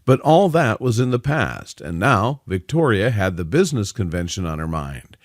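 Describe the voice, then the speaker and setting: Lively male story narrator. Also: lowish voice, normal speed, no echo, clean studio sound.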